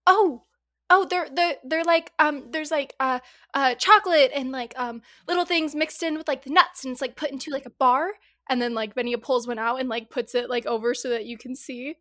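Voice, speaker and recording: A woman's voice: high-pitched, normal speed, a bit bright. A woman voicing a nervous, eager young female student who stammers when flustered.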